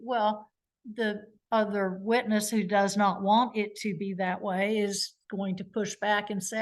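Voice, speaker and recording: A middle-aged woman lawyer lectures in a live webinar at a mid pitch. She tells stories and slips into the voices of witnesses and lawyers to act out courtroom exchanges. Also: fairly even intonation, moderate pace. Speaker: trial lawyer giving a legal education talk.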